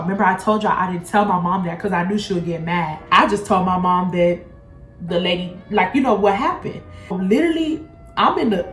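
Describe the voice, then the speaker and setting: A young woman vlogger telling a blunt, profane storytime in a casual, animated way. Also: medium pitch. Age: young adult. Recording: echoey room, faint music.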